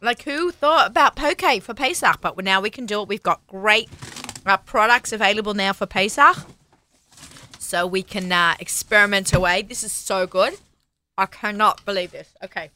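Bright-voiced, excitable woman host. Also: medium pitch, normal speed. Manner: excitable, eager, exclaims often. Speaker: show host. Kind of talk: casual talk show chat. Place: radio studio.

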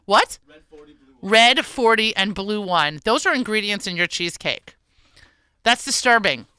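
A woman hosts a live radio talk show in a bright, sharp voice. She chats playfully, tosses off quick asides and laughs often. The sound is dry and close to the mic. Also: medium pitch, lively intonation, clean tone, dry recording.

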